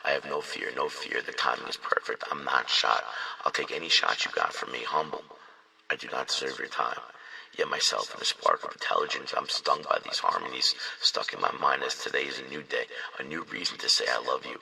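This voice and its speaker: A man's voice: a bass voice, fairly quick, creaky, bright, forceful tone. A man performing spoken word poetry with a rhythmic, rhyming, intense delivery. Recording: distant mic in a reverberant room.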